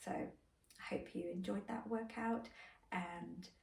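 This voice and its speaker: A woman voice coach calmly guiding a vocal warm-up, giving encouraging instructions and demonstrating exercises. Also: lowish voice, slow, vocal fry, distant mic. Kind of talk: guided vocal warm-up lesson. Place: indoor room. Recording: echoey room, voice a bit off-mic.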